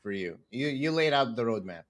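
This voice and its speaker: Man hosting a podcast, mid-pitched voice, easygoing, asks questions. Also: expressive, fairly quick. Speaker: podcast co-host. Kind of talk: casual podcast chat.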